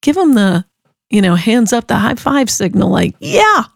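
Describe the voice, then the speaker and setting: A woman radio host chatting casually and telling a listener's story in an upbeat, animated way. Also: mid-range voice, normal speed, creaky.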